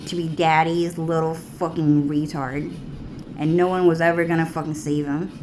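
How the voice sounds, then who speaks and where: A woman's voice: low voice, level tone, moderate pace, background noise. A woman talking to her viewers in a rambling, profane monologue that keeps circling back on itself. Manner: profane, repetitive, drawling. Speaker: vlogger.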